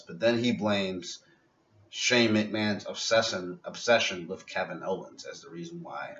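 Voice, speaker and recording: Guy ranting about last night's wrestling show, sharp tone, kinda low voice, echoey room, far from the mic. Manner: ranting and critical. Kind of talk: casual opinionated vlog review. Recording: dull lo-fi sound in a roomy space from a distant mic.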